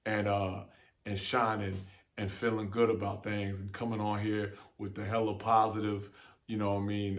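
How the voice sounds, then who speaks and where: Profane animated young man venting. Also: lowish voice, normal speed. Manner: animated, profane street talk, repeats "man". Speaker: vlogger. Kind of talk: casual monologue to camera.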